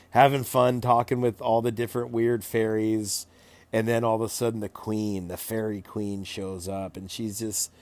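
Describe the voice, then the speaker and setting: A man, the game master, casually recaps a tabletop game with loose, profane energy and frequent laughter. His voice has a gravelly, creaky texture at a middle pitch. The sound is close and dry. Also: no echo. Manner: animated, profane, laughs often.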